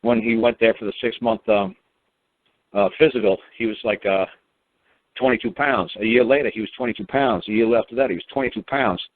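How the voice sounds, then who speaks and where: A man's voice: medium pitch, a little fast, dry recording. A man telling a personal story as a caller on a talk show, rambling and profane, with lots of fillers and restarts. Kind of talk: casual spoken storytelling. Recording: tinny phone line.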